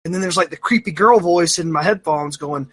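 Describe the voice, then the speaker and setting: A man co-hosting a casual gaming podcast, talking in a rambling, animated way full of fillers and restarts and mocking himself. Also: high-pitched, quick pace. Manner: animated, self-mocking storyteller. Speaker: podcast co-host. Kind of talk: casual chat.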